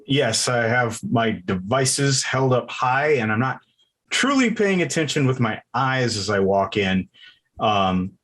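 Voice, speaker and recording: A man describes his character's moves at a measured pace in a tabletop game. His voice sits at a middling pitch. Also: lively intonation, a bit bright. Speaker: player.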